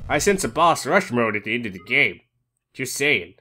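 A man's voice: medium pitch, expressive, normal speed, sharp tone. A man commenting on a video game and reading its dialogue, with joking, self-mocking asides. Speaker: let's play host. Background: faint game music.

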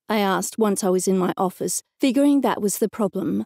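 An Australian woman giving an even first-person scripted narration of a cozy mystery audiobook. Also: mid-range voice, moderate pace, vocal fry, few pauses, no echo, studio quality.

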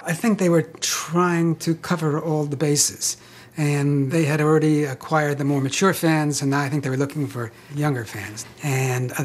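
A man's voice: on the high side, slight background noise. Wry older man telling stories. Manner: wry, self-deprecating storyteller with soft laughs. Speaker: interviewee, actor. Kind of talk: anecdotal interview.

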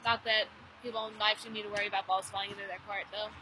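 A woman's voice: mid-range voice, little pitch movement, rapid-fire, sharp tone, slight background noise, low-quality recording. A sixteen-year-old girl doing live commentary at a beach volleyball match, chatty and joking between points. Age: teens. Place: outdoor beach volleyball event.

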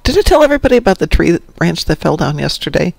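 A man's voice: on the high side, sing-song, quick pace, vocal fry, no room sound. A middle-aged man hosting a casual morning show, rambling and poking fun at himself. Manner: rambling and self-mocking.

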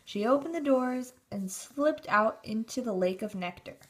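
A woman narrating a children's storybook in a steady, expressive reading. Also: fairly high pitch, moderate pace.

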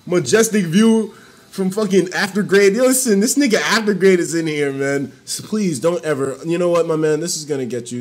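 A man live-streams from home into a desktop mic, reacting to donations in a casual, foul-mouthed, excitable way and often erupting into shouts. His voice is high and brisk, with faint music in the background.

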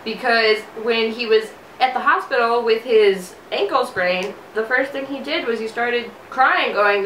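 A young woman gushing excitably about a show she loves. Her voice is high and bright. She sits a little away from the mic in an echoey room. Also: unhurried, hardly any pauses, far from the mic, a little hiss or hum. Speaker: fan recap host. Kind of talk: casual chat.

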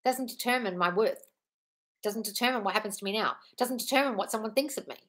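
A woman's voice: fairly high pitch, fast, fairly bright tone. Blunt, swearing woman coach in her forties. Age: 40s. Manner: blunt, swears freely, calls listeners darling. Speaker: manifestation coach. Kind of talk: live-stream Q&A reading viewer comments.

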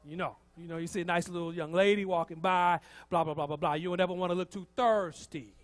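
A man's voice: high-pitched, fast. A male pastor preaching a sermon, repeating lines and calling on the congregation to respond. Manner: lively preacher, repeats lines, calls on the crowd. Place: church. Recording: church hall reverb.

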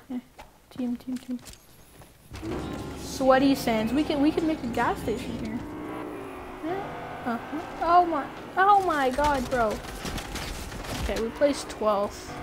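Woman, high pitched, playful gameplay commentary, excitable, loud game noise behind. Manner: excitable, quick exclamations. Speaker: gaming video creator.

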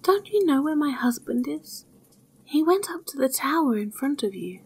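A woman's voice: high-pitched, sing-song, moderate pace, pitched above the performer's own voice. A woman voicing an anxious, indignant village wife complaining in a storybook reading.

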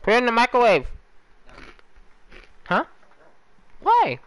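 A man's voice: extremely high pitch, huge pitch swings, slow, clean tone, dry recording. A young man streaming a shooter game, chatting casually and joking with his friends. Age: young adult. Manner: joking, relaying what friends say. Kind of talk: casual chat while gaming.

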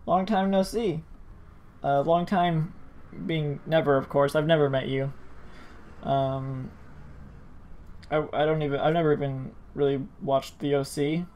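A man's voice: fairly high pitch, fairly even intonation, unhurried, long pauses, darkish tone. A man hosting a let's play, rambling in casual commentary with frequent stammers and self-interruptions.

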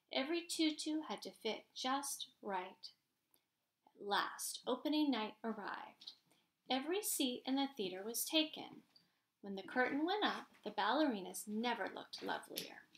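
A woman's voice: fairly high pitch, unhurried. Woman reading a children's story aloud. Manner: gentle, expressive storytelling. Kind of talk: children's picture book read-aloud. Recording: roomy echo.

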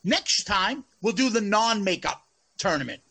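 A man's voice: sits high, animated, measured pace, vocal fry, pushed and bright, slightly rough. A man co-hosting a casual podcast chat, swearing freely and laughing often. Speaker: podcast co-host.

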